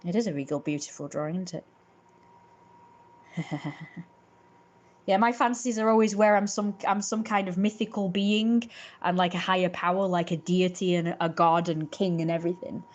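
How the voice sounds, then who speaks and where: A woman's voice: fairly low pitch, steady tone, normal speed, pauses often, lo-fi sound. Rambling young woman streaming. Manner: rambling, chatty, many fillers and restarts. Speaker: livestream host. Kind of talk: casual livestream chat.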